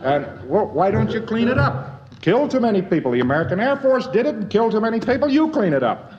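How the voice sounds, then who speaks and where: A man's voice: sits high, sing-song, fast talker, crowd noise, voice pushed up. A lecturer mimicking an aggrieved male townsman who complains and blames the bombers. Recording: dull lo-fi old lecture tape.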